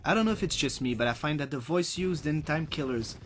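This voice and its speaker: A man's voice: a little high, lively intonation, fairly quick, fairly bright tone. A man narrating a scripted retro game review in a wry, blunt and casually crude way. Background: game music.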